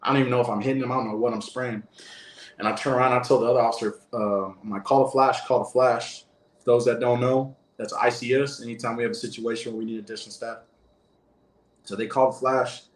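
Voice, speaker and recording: A man's voice: mid-range voice, steady tone, fast talker. Rambling male storyteller in an echoey room. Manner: loose, rambling telling with many restarts and fillers. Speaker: former prison guard, interview guest. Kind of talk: casual first-person storytelling.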